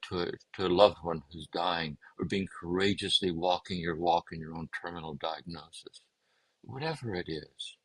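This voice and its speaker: A man speaking as a guest, giving a gentle, meditative talk on contemplative prayer and often circling back to repeat his phrases. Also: deep voice, breathy edge, no room sound, rough recording. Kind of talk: reflective spiritual teaching.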